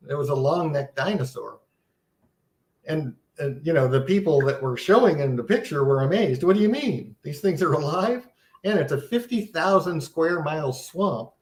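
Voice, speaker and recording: A man's voice: fairly high pitch, expressive, normal speed. Earnest man teaching in an echoey room. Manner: earnest, wondering, conversational teaching with frequent restarts. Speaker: seminar presenter. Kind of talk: casual live-stream Bible seminar talk.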